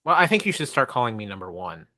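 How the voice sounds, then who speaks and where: A man's voice: lowish voice, very animated, quick pace, sharp tone, dry recording. A man in a casual podcast discussion, earnest and full of praise.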